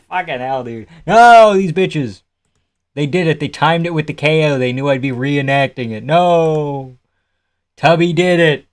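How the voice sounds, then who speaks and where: A man's voice: a little high, moderate pace. A young man hosting a live fight reaction stream, reading chat aloud, swearing and laughing often as he jokes. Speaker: livestream host.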